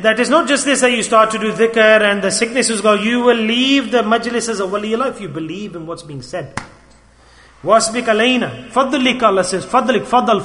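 A man preaching a sermon with passion, swinging between loud calls to the listeners and hushed asides. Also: sits high. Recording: echoey hall with long reverb.

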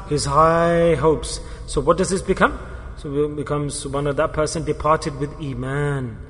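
A man's voice: high-pitched, a bit bright. A male preacher delivering a sermon, emphatic, repeating key words and putting questions to his listeners. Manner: poses questions to the audience. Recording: echoey hall with long reverb.

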